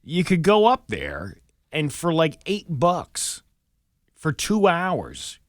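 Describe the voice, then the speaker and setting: A man's voice: fairly high pitch, takes it slowly, dry recording, studio quality. A man co-hosting a morning radio show, chatting casually and retelling movie scenes with gusto. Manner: animated storyteller, quotes movie lines with gusto. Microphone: studio microphone.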